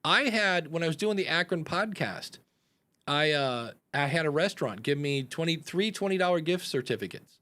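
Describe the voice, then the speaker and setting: Chatty podcast coach, rambling. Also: male voice, on the high side, normal speed. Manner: rambling, animated, acts out example announcements. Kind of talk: live podcast advice chat.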